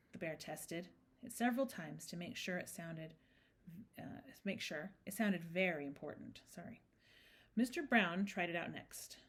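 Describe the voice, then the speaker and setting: A woman reads a picture book aloud as host of a storytime, breaking off for chatty, playful asides. Her voice sits at a middle pitch but moves in a lively, sing-song way. The reading is relaxed and unpolished. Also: normal speed.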